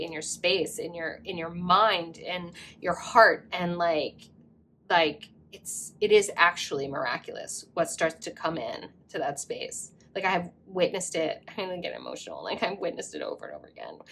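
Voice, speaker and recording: A woman's voice: fairly low pitch, a bit bright, slight background noise. A woman giving a casual pick-a-card tarot reading, effusive and rambling, with many fillers. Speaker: tarot reader.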